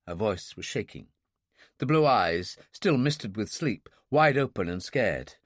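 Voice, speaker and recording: A man narrating a first-person thriller audiobook in a dry, measured, wry way. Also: on the low side, expressive, no room sound.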